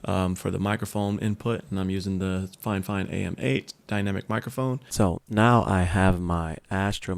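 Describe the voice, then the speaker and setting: A man reviewing a tech product in a casual demo, relaxed and full of ums and asides. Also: lowish voice, vocal fry.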